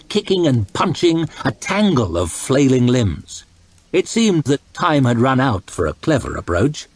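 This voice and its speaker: A man reading a novel aloud in a calm, steady, soft-spoken ASMR style, with a breathy voice. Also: mid-range voice. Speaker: storyteller.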